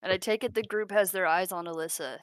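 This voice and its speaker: A woman's voice: fairly low pitch, fast, smooth, dry recording. A woman playing a tabletop role-playing game, speaking in character with a tense, pleading manner, sometimes dropping to a whisper. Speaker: player.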